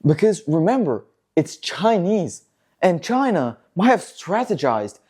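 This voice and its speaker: Animated jokey man hosting car news. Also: sits high, unhurried, breathy edge. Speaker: host of a car news show. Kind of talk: casual commentary vlog.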